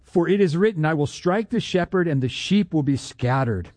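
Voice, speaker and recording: A man voicing Jesus as he quotes scripture in a low, measured tone during a sermon. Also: lively intonation, darkish tone, no echo. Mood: solemn. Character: Jesus, a grave, solemn grown man.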